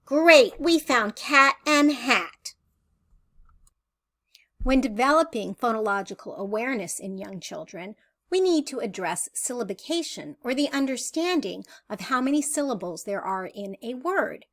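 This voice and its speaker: A woman presenter giving a clear, deliberate teacherly voice-over narration about early reading. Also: fairly high pitch, expressive. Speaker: assistive technology presenter.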